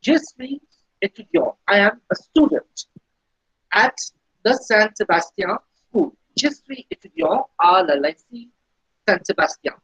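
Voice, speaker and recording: A woman teaching a beginner French lesson, explaining slowly and patiently and repeating each phrase. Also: mid-range voice, animated, a bit bright, slightly rough, no room sound. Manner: slow, patient explaining with repetition. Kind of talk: recorded language lesson. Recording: dull lo-fi recording.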